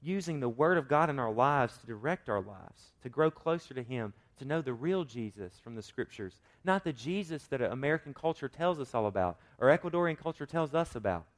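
A male pastor delivers a sermon with lively swings of pitch and volume. He rises to emphatic, forceful points, then drops into quiet, near-mumbled asides, and he keeps asking his listeners questions. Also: brisk, few pauses. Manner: animated preaching, shifting between loud emphasis and quiet asides; acts out quoted voices with rhetorical questions.

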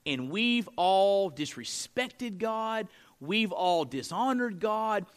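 A man's voice: high-pitched, lively intonation, slow. A male pastor preaching a sermon to a live congregation. He speaks emphatically and conversationally, often checking in with "right?". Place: church room with a live congregation.

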